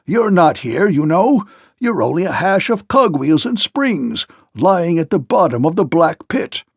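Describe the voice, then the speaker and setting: A man voicing a pompous, easily frightened fat gnome king in a storybook read-aloud, crying out in high, shaken tones. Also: very animated, measured pace, breathy edge, dry recording, studio quality, heavily acted. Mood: terrified.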